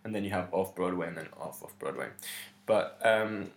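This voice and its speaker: Deep and creaky, this man's voice moves at a moderate pace as he co-hosts a podcast. He chats casually and in an organized way, yet hesitates often with ums and restarts, in a room with noticeable echo.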